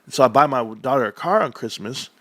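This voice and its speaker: Animated man telling stories on a livestream. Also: mid-range voice, fast talker, no room sound. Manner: animated storyteller, acts out quoted voices. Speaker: livestream host. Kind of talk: casual livestream chat.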